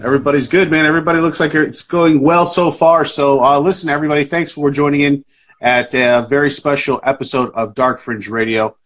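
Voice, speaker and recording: A man's voice: fairly high pitch, steady tone, a little fast, fairly bright tone, faint music behind. A man hosting a live podcast in casual chat, rambling with lots of fillers and restarts. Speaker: podcast host.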